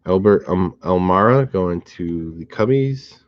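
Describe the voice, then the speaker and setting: A man chatting casually as he opens packs of cards, halting and restarting his sentences in a laid-back way. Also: low voice, expressive, no room sound, muffled recording. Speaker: card breaker. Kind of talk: casual chat while opening packs.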